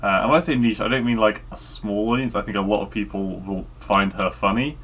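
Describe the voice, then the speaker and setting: A man co-hosting a podcast in easygoing casual chat, often halting to find his words. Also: on the low side, steady tone, a bit bright, breathy edge. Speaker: podcast co-host.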